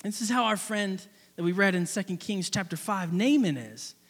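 A young man preaching a sermon, telling a personal story in an animated, rambling way with many restarts. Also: high-pitched, moderate pace, in a large hall.

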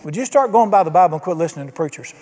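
Folksy older preacher, hall reverb. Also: male voice, on the high side, animated, rapid-fire, darkish tone. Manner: folksy, emphatic, asks the congregation questions. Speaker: pastor. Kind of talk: sermon. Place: church sanctuary.

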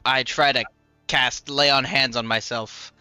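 A man's voice: medium pitch, fairly even intonation, unhurried, sharp tone, clean tone, dry recording, soft background music. A man playing a tabletop game, joking and playful. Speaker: player. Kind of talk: casual tabletop play.

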